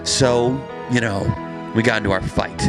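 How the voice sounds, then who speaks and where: A man playing a bitter, resentful ex-friend who talks haltingly with many fillers, with music clearly playing behind. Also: lowish voice, steady tone, close to an everyday voice.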